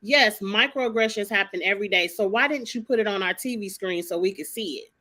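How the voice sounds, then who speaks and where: A woman vlogger with a mid-range, pushed, bright voice rants briskly about a reality show. Her casual commentary is opinionated, blunt and sassy, with plenty of swearing.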